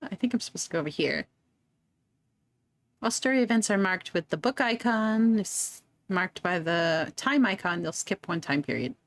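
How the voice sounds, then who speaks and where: A woman's voice: mid-range voice, lively intonation, normal speed. A woman streamer chatting casually and giggling as she plays a game, reading its text aloud. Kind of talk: casual gameplay commentary.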